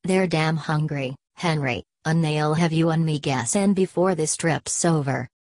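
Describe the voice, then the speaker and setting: A woman's voice: sits low, measured pace, darkish tone, no echo, clean studio sound. A woman voicing a gloomy, stubborn male frontier trapper who grumbles in backwoods dialect. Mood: grumbling.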